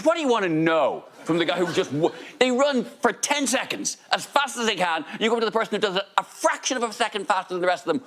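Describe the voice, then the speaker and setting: A man's voice: sits high, very animated, fast, hardly any pauses, fairly bright tone. A man, a comedian, grumbling through a dry, sarcastic stand-up routine. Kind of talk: stand-up routine on a panel show.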